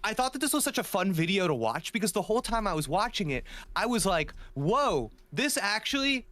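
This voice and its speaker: A man guest on a podcast, chatting casually and telling things in an animated, eager way. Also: high voice, quick pace, dry recording. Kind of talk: casual chat.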